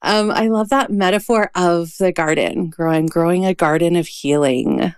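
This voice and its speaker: A woman's voice: on the low side, moderate pace, clean tone, no echo, studio quality. A woman hosting a podcast and interviewing a guest, openly emotional and gushing. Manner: emotional, gushing, laughs often. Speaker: podcast host and coach.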